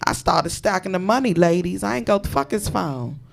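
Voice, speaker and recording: A woman with a Washington, D.C. accent hosting a podcast, telling a story in loud, profane, animated chat with frequent laughter. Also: fairly low pitch, normal speed, creaky. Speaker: podcast host.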